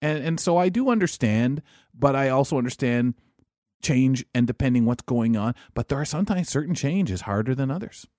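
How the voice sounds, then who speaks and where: Earnest halting man co-hosting a chat. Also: mid-range voice, lively intonation, a little mellow, no echo, studio quality. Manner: earnest, halting, repeats words at starts. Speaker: co-host. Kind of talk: casual chat.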